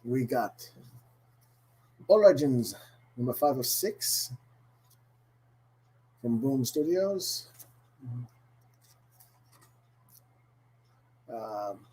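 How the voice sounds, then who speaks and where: Husky man faking an Irish accent. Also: fairly high pitch, dark tone, low-quality recording. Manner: puts on an exaggerated, deliberately bad Irish accent; chatty, sprinkles in "mm-hmm" fillers. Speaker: host. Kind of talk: casual comic book haul chat.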